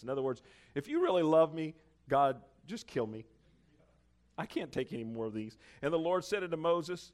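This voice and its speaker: A man preaching a sermon, reading scripture aloud and breaking off into lively, chuckling asides. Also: mid-range voice, normal speed.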